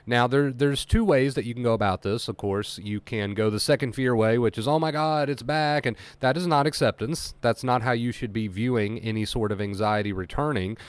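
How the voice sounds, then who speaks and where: Male recovery coach, mid-pitched, earnest and emphatic, dry room sound. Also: a little fast, hardly any pauses, clean tone, no echo. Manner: earnest, emphatic, repeats key points. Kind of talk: motivational livestream talk.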